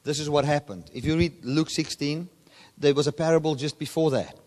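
A man preaching a sermon, often swinging his voice from loud, high emphasis to low, quiet asides. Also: a little fast. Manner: animated preaching, voice rising and dropping sharply for emphasis. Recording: long hall reverb.

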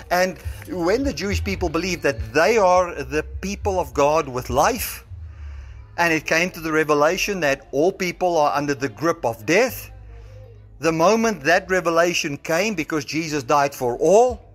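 A South African man preaching a sermon, reasoning step by step and slowing down to stress scripture, recorded on a phone in a church. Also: on the high side.

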